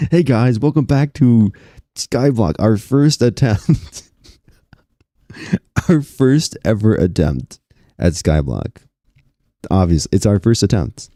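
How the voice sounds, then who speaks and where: A young man chatting to his viewers while playing a game on stream, excitable and laughing often. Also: low voice, creaky, no room sound, studio quality. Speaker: gaming streamer. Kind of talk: casual gaming stream commentary.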